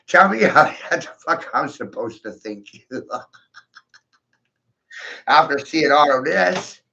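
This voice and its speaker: A man with a gravelly, sharply forceful voice rants in a loose, profane monologue, laughing in between. The sound is dull and lo-fi. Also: on the high side, expressive, slow pace. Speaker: video host. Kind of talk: rambling monologue.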